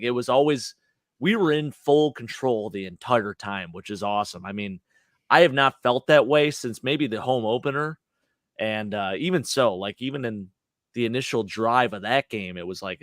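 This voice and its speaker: A man with a hoarse, worn-out voice, chatting excitedly and rambling about a football game on a fan podcast. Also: medium pitch, dry recording, studio quality. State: hoarse, lost his voice. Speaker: podcast panelist. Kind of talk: casual sports chat.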